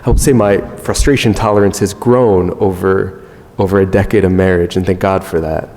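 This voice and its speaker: A man in his thirties giving a conference talk, telling a self-mocking family story in an animated way. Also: low voice, moderate pace. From United States. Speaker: conference speaker. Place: large conference hall. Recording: long hall reverb.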